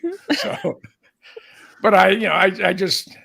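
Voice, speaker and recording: Older guy, really gravelly and a bit husky, rambling chatty storyteller. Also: high-pitched, sing-song, a little slow, a bit bright. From San Francisco Bay Area. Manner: rambling storyteller with many restarts. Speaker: co-host, aviation author. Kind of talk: casual chat.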